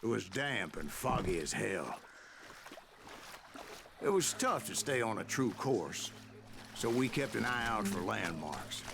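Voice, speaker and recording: An actor playing a gruff older cowboy bounty hunter narrating his story, in a slow measured drawl. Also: lowish voice, sing-song, background noise, heavily acted. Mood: grim. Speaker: game narrator.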